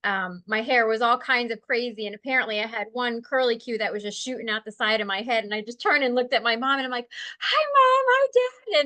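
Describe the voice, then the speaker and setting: A woman with a bright, slightly raised voice tells a personal story in a casual, conversational way. She is animated and expressive and laughs easily. She slows and softens when she turns to calmer thoughts. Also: a little high. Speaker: guest sharing a spiritual experience.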